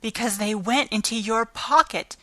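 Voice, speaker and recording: A woman's voice: normal speed, a bit bright, no room sound. A woman reading an audiobook, voicing an enraged, indignant old woman who yelps her protests. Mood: accusing. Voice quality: shrill, yelping.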